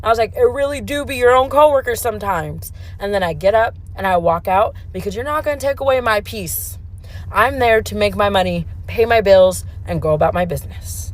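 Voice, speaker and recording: A woman tells a casual storytime to camera, acting out each person's lines as she goes. Her voice sits at an ordinary middle pitch. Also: a little fast, rough recording. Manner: animated retelling, acts out dialogue. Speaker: social media storyteller.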